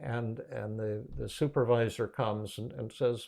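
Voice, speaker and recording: A man hosting a podcast, telling a story in a casual, animated way with many restarts. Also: medium pitch, a little slow, vocal fry, few pauses. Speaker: podcast host and psychiatrist.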